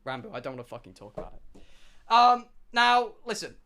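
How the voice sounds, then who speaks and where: A man's voice: high-pitched, very animated, brisk, noisy background. A young British man in his twenties telling rambling, swear-filled stories on a livestream. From United Kingdom. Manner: rambling, swears a lot, many restarts. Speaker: streamer. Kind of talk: casual storytelling on a livestream.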